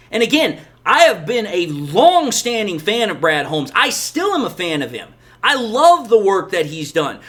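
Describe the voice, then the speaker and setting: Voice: medium pitch, a bit bright. A sports channel host giving emphatic, exasperated opinion commentary on football. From Detroit area, USA.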